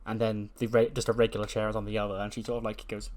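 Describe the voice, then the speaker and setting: A man's voice: on the low side, little pitch movement, fast, few pauses, darkish tone. Casual man narrating a game playthrough. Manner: casual, filler-heavy, imagines scenes aloud. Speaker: host of a wrestling sim playthrough.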